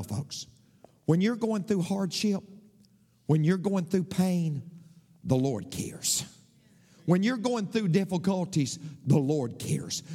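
Male pastor, preaching with big lively swings of pitch, slightly higher voice, church with long reverb. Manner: impassioned preaching, swings from low murmurs to high cries. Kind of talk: sermon.

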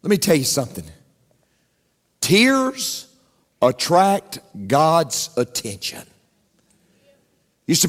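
A male pastor preaches in a high, sweeping voice that climbs and plunges through each phrase. He takes his time, repeating key lines and sinking to near-whispers to drive them home. The sound rings with the long reverb of a large church sanctuary. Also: very animated, slow, long pauses. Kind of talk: preaching a sermon.

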